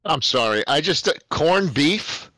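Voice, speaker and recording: A man's voice: on the high side, animated, a little slow, bright, forceful tone, dry recording. A man bantering in a gaming session, defensive and exasperated, swearing often. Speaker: streamer.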